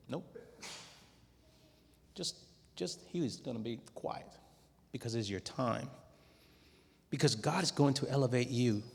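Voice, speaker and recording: A middle-aged man giving a testimony talk to a conference audience, telling his story in a lively way and acting out his own quoted words. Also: mid-range voice. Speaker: conference speaker. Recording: long hall reverb.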